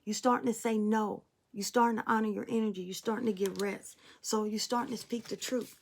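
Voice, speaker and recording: A woman with a gravelly, creaky edge to her mid-pitched voice delivers a spiritual tarot reading. She is blunt and preachy, speaking straight at her viewers and cursing casually as she drives her point home. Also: fairly even intonation, fairly quick, darkish tone. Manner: preachy, blunt and emphatic, addressing viewers directly; swears casually. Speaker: tarot reader.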